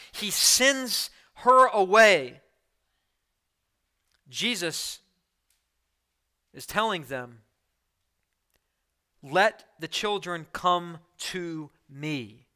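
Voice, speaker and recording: A man preaching from the pulpit in a high, sharply bright voice. He swings between forceful, loud declarations and quiet, low asides, hammering home his points by repeating them. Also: clean tone. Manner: emphatic preaching with sudden loud outbursts and soft drops; repeats key phrases for emphasis. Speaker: pastor. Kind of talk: sermon.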